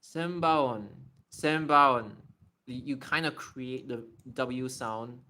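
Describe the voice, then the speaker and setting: A man's voice: mid-range voice, steady tone, slow pace, fairly bright tone. A man hosting a casual live Q&A, thinking aloud, repeating and restarting words as he tests how they sound. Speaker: livestream host. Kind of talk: casual live Q&A explaining Japanese readings.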